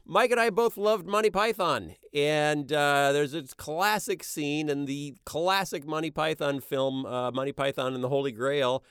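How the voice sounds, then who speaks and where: A middle-aged man telling stories about making his animated show in a casual interview, lively and quick to act out voices. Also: a little high, smooth, no echo, clean studio sound. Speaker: animation creator being interviewed.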